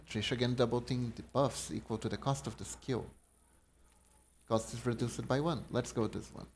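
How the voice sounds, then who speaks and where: A man live-streaming a card game, reading card text aloud and chatting casually with his viewers. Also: medium pitch. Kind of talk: casual live-stream chat while gaming.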